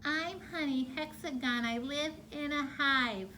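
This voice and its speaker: A tiny bumblebee hexagon sings out its rhyme, high and light, as a woman puts it on. The voice is bright and slow. It bounces playfully through each line. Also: a little hiss or hum. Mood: buzzy cheerful. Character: small buzzing bumblebee hexagon character.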